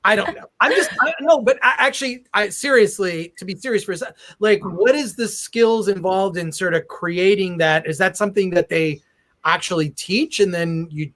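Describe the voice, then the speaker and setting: Male host, joking, rambling questions, high voice. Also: moderate pace, fairly bright tone. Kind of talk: casual interview.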